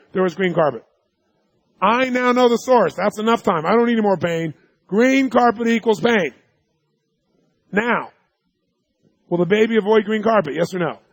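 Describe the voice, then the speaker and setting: Recorded at studio quality with no room sound, a high-voiced man leads a live seminar. He delivers stories with emphasis and tests his audience with yes-or-no questions.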